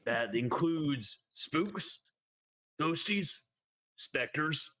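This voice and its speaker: A man's voice: on the high side, animated, extremely slow, bright, forceful tone, pitched above the performer's own voice, heavily acted. A man voicing a swaggering male exorcist with a showy, drawling wrestler-cowboy bravado.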